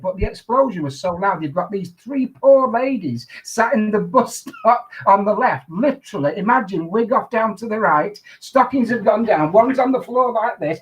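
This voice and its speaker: A man, an undertaker interviewed as a guest, telling his stories in an animated way. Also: sits high, poor audio. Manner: animated anecdotal storyteller. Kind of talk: storytelling in an interview.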